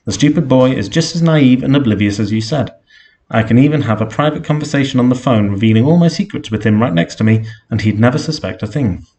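A man's voice: mid-range voice, lively intonation, fast, darkish tone, a little hiss or hum, natural voice. A man voicing a female magical pony heroine, sure of herself and matter-of-fact, in a read-aloud fan story.

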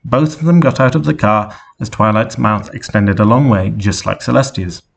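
A man reading an absurd fan story aloud with deadpan narration. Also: fairly low pitch, moderate pace, vocal fry. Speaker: story reader.

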